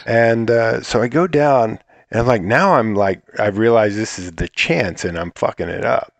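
A man's voice: medium pitch, big pitch swings, takes it slowly, a bit bright, no echo. A man telling a rambling, profane story in a casual chat, acting out what others said. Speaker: guest.

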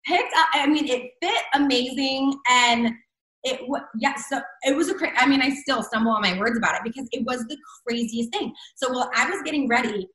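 A fairly high-voiced woman tells a story in a relaxed, chatty way, filling her sentences with "like." The sound is roomy and echoey. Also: a little fast. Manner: chatty, many fillers and "like". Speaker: guest. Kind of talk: casual storytelling.

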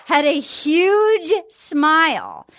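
A woman's voice: high voice, huge pitch swings, drawn-out words, fairly bright tone. A woman hosting a podcast, chattily recapping an episode and acting out quotes from it. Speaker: podcast host. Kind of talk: casual recap chat.

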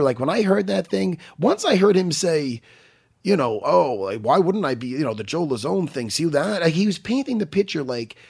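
A man's voice: on the high side, creaky, breathy edge. A middle-aged man in casual podcast chat, swearing freely and restarting his sentences. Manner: animated, swearing, restarts a lot. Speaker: podcast co-host.

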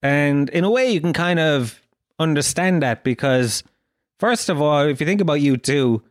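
Irish guy ranting on his podcast, kinda high voice, swears a lot, all worked up. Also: normal speed. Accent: Irish, Dublin. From Ireland. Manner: animated, swearing, mock-indignant. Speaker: podcast host. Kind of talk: casual solo podcast rant.

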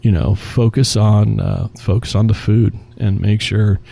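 A man's voice: fairly low pitch, unhurried, vocal fry, slightly rough. A man, a restaurant executive guest in a casual interview, telling work stories and acting out the dialogue. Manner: animated storyteller acting out quoted dialogue.

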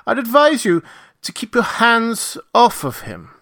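A man voicing a ship's doctor with a lisp and a slow, smouldering temper, speaking slowly in a raised, stern tone. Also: huge pitch swings, bright, forceful tone, exaggerated voice. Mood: stern remonstrating. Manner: slow, clipped remonstrance, rising in pitch.

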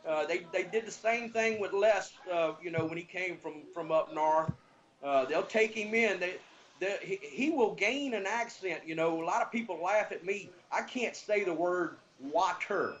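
A man with a Southern American accent giving betting lines in casual sports talk, halting with many fillers. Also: high voice, highs cut off.

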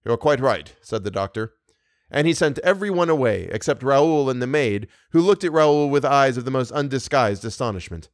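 A man reads a classic novel aloud in a steady, measured way, his voice in the middle range for a man. The recording is dry and close, with no room around it. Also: medium pitch, no room sound. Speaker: audiobook narrator. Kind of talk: scripted narration.

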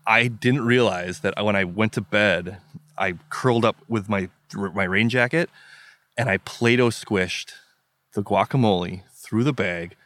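Low-voiced man telling a vivid story. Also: measured pace, a bit bright, dry recording. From US Midwest. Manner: vivid, emphatic retelling with acted-out inner quotes. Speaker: guest telling a hiking story. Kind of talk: storytelling in a podcast interview.

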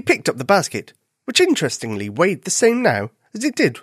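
A man narrating a children's bedtime story in a gentle, expressive way. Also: a little high, normal speed, no echo, clean studio sound.

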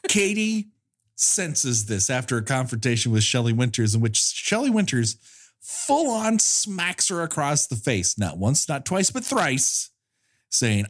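A man hosting a podcast, recapping a bad movie with sarcastic, profane jokes and quick acted-out quotes. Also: mid-range voice, sing-song. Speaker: podcast co-host.

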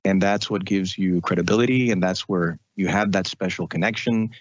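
Man, radio host, lowish voice, animated storytelling, dry slightly dull recording. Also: moderate pace, no room sound. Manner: animated storytelling, mimics relatives. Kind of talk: casual interview talk.

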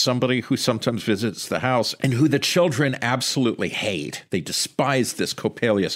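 A man in a casual discussion of a story, animated and conversational, swearing now and then. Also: mid-range voice.

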